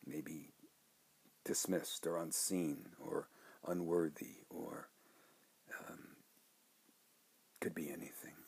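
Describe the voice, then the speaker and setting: A man guiding a meditation, speaking softly and slowly and often dropping into a hushed whisper. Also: rumbling low, level tone, creaky, breathy edge. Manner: slow, soft-spoken, often drops to a hushed whisper. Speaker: meditation teacher. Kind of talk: guided meditation instruction.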